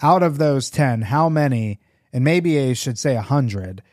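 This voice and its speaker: Recovery podcast co-host, man, mid-pitched, candid and rambling, dry close mic. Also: lively intonation, a little slow, a little mellow, no echo. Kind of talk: casual conversation.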